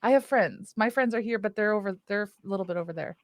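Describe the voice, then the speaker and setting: A woman voicing a cheerful, naive young elf who is excitable and childlike. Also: medium pitch, quick pace, dry recording, close to an everyday voice. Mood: bubbly.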